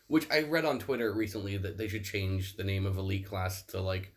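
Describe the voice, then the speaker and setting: A man's voice: deep voice, steady tone, fairly quick. A young man co-hosting a podcast, chatting casually and swearing freely, often breaking into laughter. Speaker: podcast co-host. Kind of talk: casual chat.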